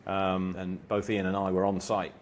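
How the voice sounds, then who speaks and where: A man, a company co-founder, reminiscing in a relaxed storytelling way, with many fillers and restarts. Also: low voice, normal speed, a little hiss or hum. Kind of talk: anniversary reminiscing. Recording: music playing under the voice.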